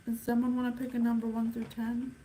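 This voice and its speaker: A woman giving a casual psychic reading, thinking aloud with sighs and halting pauses. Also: fairly high pitch, completely flat delivery, warm tone, slight background noise, rough recording. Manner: musing, sighing, thinking aloud; slow, halting, counts things off one by one. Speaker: psychic reader. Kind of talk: casual spirit reading to camera.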